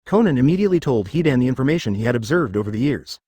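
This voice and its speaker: A man's voice: mid-range voice, animated, racing, dark tone, slightly rough, no room sound, studio quality. A male text-to-speech voice narrating a fanfic story in a machine reading that reads out stray words.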